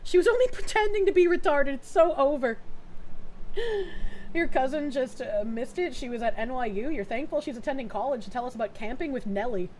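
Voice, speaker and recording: An American woman streaming casually, reacting excitably, swearing and laughing often. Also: high voice, fairly quick, slight background noise. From United States.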